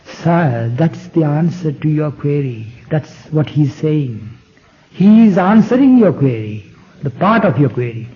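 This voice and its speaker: A man's voice: a little high, lively intonation, measured pace. A man voicing a clever royal minister who patiently explains to the emperor, in a dull old tape recording. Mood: explaining.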